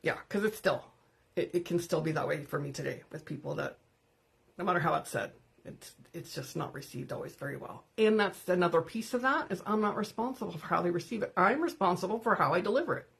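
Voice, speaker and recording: A woman's voice: lowish voice, animated, quick pace, creaky. A woman hosting an unscripted live stream, talking candidly and greeting viewers by name as she goes. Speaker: livestream host.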